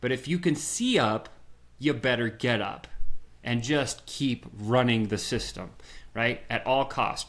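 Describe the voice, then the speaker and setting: A man who is a sales strategist, guesting on a podcast and talking in an energetic, punchy way full of rhetorical questions. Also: mid-range voice. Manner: animated, acts out little scenes in voices. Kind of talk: energetic storytelling.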